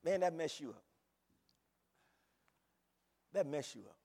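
A man preaching a sermon, repeating phrases and rising to shouts. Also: on the high side, expressive, fast talker. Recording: long hall reverb.

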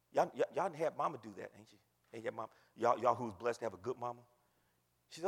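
A man preaching a sermon, swinging from loud shouts down to hushed near-whispers. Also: mid-range voice, lively intonation, brisk, slightly rough, long reverb tail. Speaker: pastor.

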